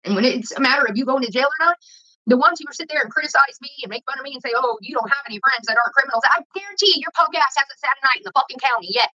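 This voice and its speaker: A woman's voice: high voice, expressive, very fast, sharp tone, lo-fi sound. A woman vlogger telling a rambling, profane story while she cooks. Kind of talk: casual storytelling while cooking.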